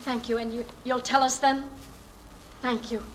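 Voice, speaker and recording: A woman's voice: on the high side, level tone, moderate pace, noisy background, natural voice. A woman acting an earnest young working-class woman who politely pleads her case to a judge in a dramatic monologue. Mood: relieved.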